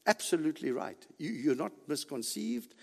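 A man preaching a sermon, emphatic and repetitive, building to near shouts. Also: on the high side, sing-song, normal speed, vocal fry, slightly rough. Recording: long hall reverb.

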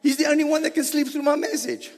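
A man preaching a sermon as pastor, posing rhetorical questions, answering them himself and building up to shouts. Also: extremely high pitch, steady tone, quick pace. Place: church sanctuary. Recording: long reverb of a large hall.

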